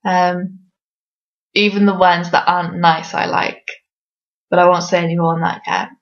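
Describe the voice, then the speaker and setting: A woman's voice: fairly low pitch, flat delivery, normal speed, lo-fi sound. A woman from Wales with a fairly neutral English accent, an author answering reader questions in a casual vlog, hesitant with many ums and light self-mocking laughs.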